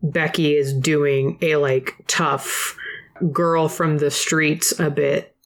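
Fast-talking, animated woman podcast host. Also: deep voice. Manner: fast, animated, swears freely. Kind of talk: casual podcast chat.

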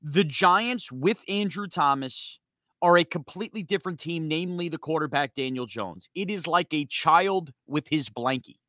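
A man hosting a sports podcast, ranting heatedly in a rapid-fire, fired-up way that gets loud at times. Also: on the high side, lively intonation, no echo. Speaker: sports talk podcast host.

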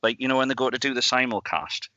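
A man co-hosting a podcast, talking in a casual, animated way with frequent restarts and bursts of laughter. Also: medium pitch, fast talker, no room sound. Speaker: podcast co-host. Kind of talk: casual chat. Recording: dull lo-fi dry sound.

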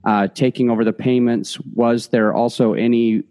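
A man's voice: mid-range voice, steady tone, normal speed, dark tone. A man hosting an interview, giving short reactions and asking the guest to walk through a deal step by step. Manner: short affirming reactions, plain questions. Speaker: interview host. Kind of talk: interview questions.

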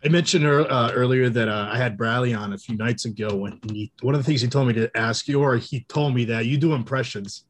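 A man hosting an interview at an ordinary pitch for a man. He asks his questions haltingly, filling pauses with uh and like as he goes. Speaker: podcast host.

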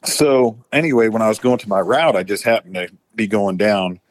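A man's voice: on the low side, moderate pace, dry recording. A man, a former tow truck driver, telling a rambling, profane story full of fillers and restarts. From Florida Panhandle, US. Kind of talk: casual storytelling.

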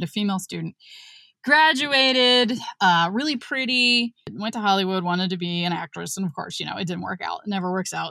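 A woman's voice: mid-range voice, bright, forceful tone, dry recording, clean studio sound. A woman, a writer who once worked at a school, telling stories bluntly and with animation in casual chat. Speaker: author and former school staff.

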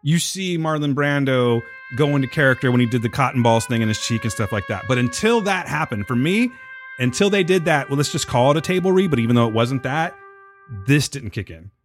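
A man in casual chat about a TV series, chatty and animated, saying "dude" a lot. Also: medium pitch, brisk, soft background music. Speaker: co-host discussing a TV series.

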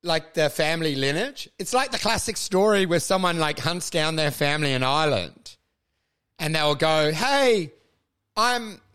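A man's voice: fairly high pitch, normal speed, a bit bright, smooth. A man co-hosting a comedy podcast, riffing profanely and rambling while acting out bits in quoted voices.

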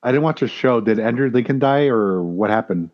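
A man's voice: mid-range voice, animated, fairly quick, muffled recording. A man on a podcast, asking blunt, dry questions in casual banter. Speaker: podcast co-host.

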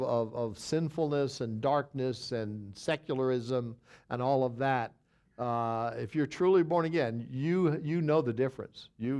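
A man's voice: medium pitch, a little mellow. A man, a pastor, teaching a Bible study in a conversational, folksy way, telling an illustration with frequent restarts and dry asides.

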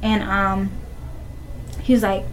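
A woman's voice: mid-range voice, level tone, takes it slowly, slight background noise, rough recording. A young woman recounting painful events in a casual interview, using "like" often. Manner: casual, heavy use of like, emotional retelling. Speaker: interviewee, victim's partner.

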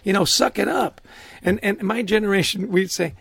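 A middle-aged man, a guest author in a conversational podcast interview, telling animated stories and acting out quotes. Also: sits high, moderate pace, creaky, husky, dry recording. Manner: animated storyteller, acts out quotes, laughs often.

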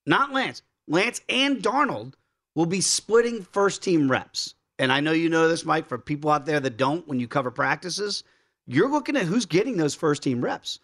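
Man, sports radio host, fairly high voice, very lively pitch, casual banter. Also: normal speed. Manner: animated, acts out quotes in high mock voices. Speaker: sports betting show host.

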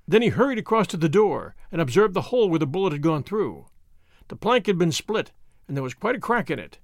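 A male host reads a classic novel aloud in a measured, expressive storytelling manner. His voice sits fairly high and rises and falls lively. The recording is close and dry. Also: no echo. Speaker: host and audiobook reader. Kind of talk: audiobook narration.

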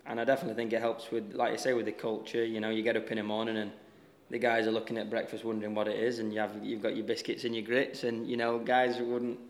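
A young man with a Yorkshire accent, a golfer answering interview questions in a relaxed, halting way with many restarts. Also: lowish voice, echoey room. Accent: Yorkshire English. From Yorkshire, England.

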